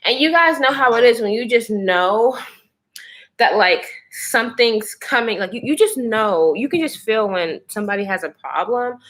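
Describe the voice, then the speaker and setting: A pregnant woman chatting to her viewers, telling a personal story in a lively, expressive way. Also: on the high side, moderate pace. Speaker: vlogger. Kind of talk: casual storytime chat.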